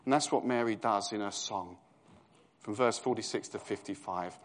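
A man's voice: lowish voice, moderate pace. A man in his fifties with a London East End accent, preaching a sermon in a conversational tone that rises to emphatic proclamation.

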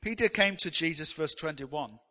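A man delivers an emphatic sermon in a sharp, forceful voice that sits a little high. He calls on the congregation to speak lines back with him, and his words carry a long reverb through a large church hall. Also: animated, moderate pace. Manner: emphatic, leads the congregation in call-and-response. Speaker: pastor.

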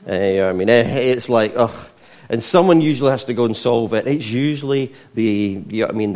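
A man's voice: lowish voice, fairly quick, darkish tone. A Scottish man preaching a conversational sermon, with frequent asides to the congregation. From Scotland.

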